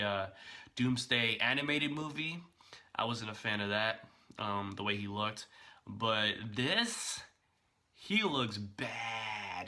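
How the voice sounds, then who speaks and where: With a voice in the middle range, a man delivers casual reaction commentary for his video blog. He's animated and talkative, frequently using fillers and starting over.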